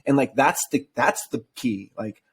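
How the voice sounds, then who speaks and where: A man with an ordinary mid-pitched voice hosting a casual podcast. He talks in a laid-back, buddy-to-buddy way, dropping "dude" and casual swears. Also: a little slow, breathy edge. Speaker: podcast host. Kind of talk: casual chat.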